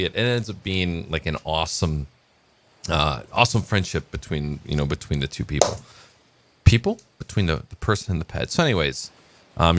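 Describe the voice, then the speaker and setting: Deep-voiced man rambling through a joke. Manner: rambling, relaxed, many fillers. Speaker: vlogger. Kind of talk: casual joke telling and morning vlog.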